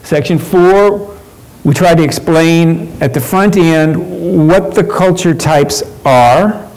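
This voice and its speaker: A man's voice: on the high side, a little mellow, low-quality recording. A man presenting a workshop at a professional conference, talking conversationally with frequent fillers and restarts.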